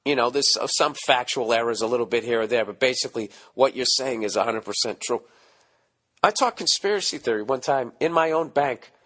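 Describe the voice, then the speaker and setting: A man in his forties with a Boston accent, hosting a podcast, ranting casually with lots of profanity; his voice is hoarse from screaming. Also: mid-range voice, brisk. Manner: profane, animated ranting with mocking asides. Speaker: podcast host.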